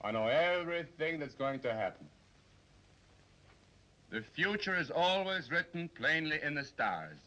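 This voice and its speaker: An actor playing an excitable, lugubrious male roommate who dabbles in astrology, in 1930s film comedy acting. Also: a little high, measured pace, long pauses, lo-fi sound, heavily acted. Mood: mournful. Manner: fussy, dramatic, lugubrious. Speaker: taxi driver's roommate, amateur astrologer. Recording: hissy 1930s film soundtrack.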